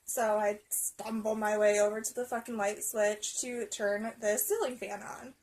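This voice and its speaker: A woman's voice: medium pitch, fairly even intonation, measured pace, darkish tone, poor audio. A young adult woman telling a rambling storytime vlog story, swearing constantly and laughing as she goes. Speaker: vlogger. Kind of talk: casual storytime.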